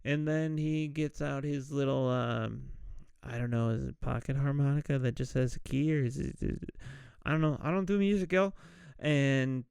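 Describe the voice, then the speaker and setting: A man's voice: medium pitch, steady tone, moderate pace, creaky, darkish tone, smooth, no echo. A man hosting a podcast, casually recapping a movie and acting out the characters' lines as he goes. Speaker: podcast host.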